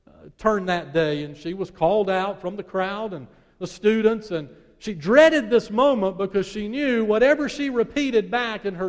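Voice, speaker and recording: A male pastor preaching a sermon, telling a story in hushed tones that rise and build, then leading a prayer. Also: high-pitched, long reverb tail.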